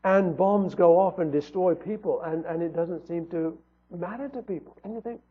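A man's voice: high voice, normal speed, breathy edge. A man preaching a sermon in an earnest tone, asking rhetorical questions. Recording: tinny phone-like audio.

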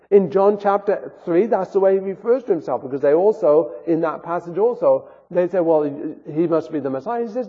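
Pastor preaching in a reverberant church. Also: male voice, high voice, expressive, normal speed, few pauses, husky. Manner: earnest preaching, rising and falling emphasis. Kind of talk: sermon. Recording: phone-like sound with long hall reverb.

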